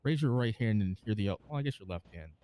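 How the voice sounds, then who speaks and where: A man's voice: fairly low pitch, expressive, fast talker, warm tone, rough recording. A man acting as a judge in a roleplay, delivering an improvised formal oath with small stumbles.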